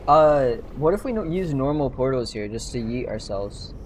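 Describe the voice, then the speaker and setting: Young man, streamer, casual gaming chat, teasing, laughs often, average pitch, faint noise. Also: expressive, moderate pace. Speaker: streamer host.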